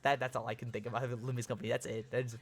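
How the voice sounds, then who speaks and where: A young man hosting a casual live stream, chatting excitedly with viewers, swearing and laughing as he reacts to chat. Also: medium pitch, rapid-fire. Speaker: livestream host.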